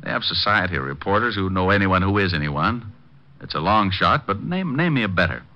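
A man's voice: deep voice, sing-song, a little fast, highs cut off, a little hiss or hum. An actor playing a cool, wisecracking male private detective in a 1940s radio drama. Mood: wry. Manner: wisecracking, breezy.

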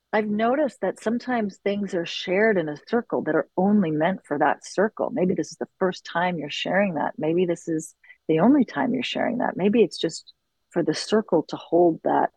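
A woman's voice: lowish voice, husky, dry recording, low-quality recording. Middle-aged woman talking about leading circles, earnest and reflective, dry close mic. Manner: earnest, reflective, quotes others with animated bursts. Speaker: circle facilitator. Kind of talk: conversational interview.

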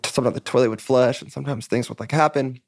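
Quick, chatty male guest who acts out quoted lines as he rambles through a story. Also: mid-range voice, steady tone, creaky, a little mellow, no room sound, studio quality. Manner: rambling, filler-heavy, acts out quoted dialogue. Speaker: podcast guest, musician. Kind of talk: casual storytelling interview.

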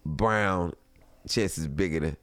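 A man telling a funny story in casual chat, animated and laughing often, acting out other people's voices. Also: deep voice, slow pace, clear, resonant tone, dry recording. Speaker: comedian guest. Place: home studio.

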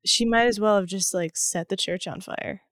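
A woman from the American Midwest, co-hosting a casual podcast chat. She talks in a chatty way with wry quips and quick reactions, in a mid-range voice. The sound is dry and close to the mic. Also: medium pitch, no room sound. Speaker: podcast co-host.

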